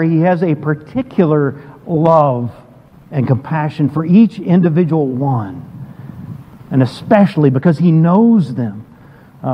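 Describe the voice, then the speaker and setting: A man preaching a sermon as pastor, earnest, often repeating words and restarting phrases. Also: on the high side. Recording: dull sound in a long-reverb hall.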